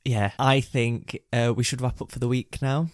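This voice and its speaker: A young man co-hosting a podcast in relaxed, casual chat with some hesitant fillers. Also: medium pitch, moderate pace, smooth, no echo, clean studio sound. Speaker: podcast co-host.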